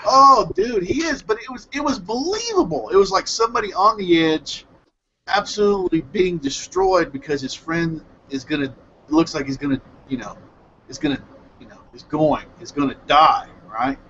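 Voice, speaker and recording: A man hosting an online hangout, excitedly recapping an anime episode in a rambling, self-correcting way over a headset mic on a video call. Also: fairly high pitch, normal speed, dull audio, a little hiss or hum. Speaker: hangout host reviewing anime. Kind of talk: casual group hangout chat.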